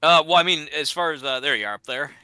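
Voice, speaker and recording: A man's voice: a little high, fast, sharp tone, clean tone, no room sound. A man chatting casually and rambling while playing a game, laughing at himself often. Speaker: gamer. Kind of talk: casual gaming chat.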